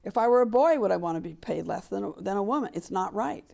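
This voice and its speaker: A woman's voice: medium pitch, lively intonation, fast talker, vocal fry, few pauses, darkish tone. A woman in her seventies being interviewed, speaking emphatically, acting out quoted dialogue and repeating points for stress. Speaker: interview guest, sports equality advocate. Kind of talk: candid interview conversation.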